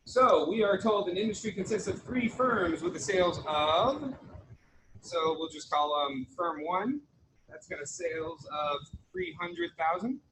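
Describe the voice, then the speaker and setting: A man's voice: high voice, animated, unhurried, fairly bright tone, slight background noise, low-quality recording. A young man giving a casual online college economics lecture, chatty and jokey, often checking in with "right?".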